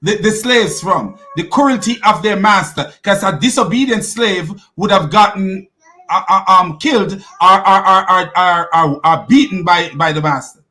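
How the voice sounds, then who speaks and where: A man with a high voice argues hard in a heated religious debate. He presses the same question again and again and talks right over the other man. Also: normal speed, sharp tone. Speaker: channel host debating a caller.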